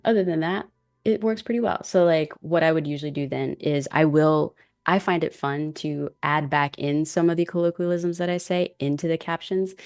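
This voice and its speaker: Low-voiced woman with African American English. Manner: relaxed, self-deprecating, laughs often. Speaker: guest video creator. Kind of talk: casual tutorial chat.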